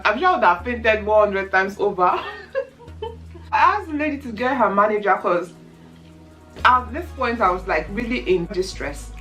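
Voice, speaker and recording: A Nigerian woman vlogger telling a story in a lively way while eating for a mukbang, often breaking into laughter. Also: medium pitch, rough recording.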